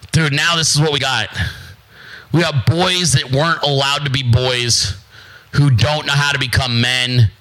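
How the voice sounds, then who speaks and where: A man's voice: mid-range voice, fairly even intonation, a little slow, bright, forceful tone, low-quality recording. A man hosting a show, delivering a blunt, crude, confrontational rant. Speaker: host. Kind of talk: profane ranting monologue.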